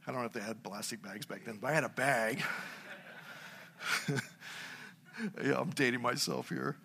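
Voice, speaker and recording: A man's voice: medium pitch, normal speed, gravelly, sharp tone. A middle-aged man, a pastor, preaching a sermon and telling a humorous story from his own life.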